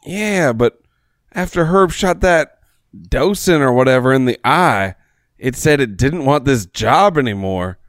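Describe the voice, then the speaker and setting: A man's voice: mid-range voice, lively intonation, a little slow, no room sound, clean studio sound. A man playing a tabletop game, making wry jokes in casual chat. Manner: joking, wry. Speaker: player.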